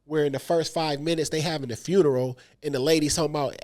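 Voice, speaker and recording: A man's voice: fairly high pitch, fast talker, few pauses. A man co-hosting a casual movie review chat, talking emphatically and acting out little quotes. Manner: animated, emphatic, lots of "yo" and acted-out quotes. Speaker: podcast co-host.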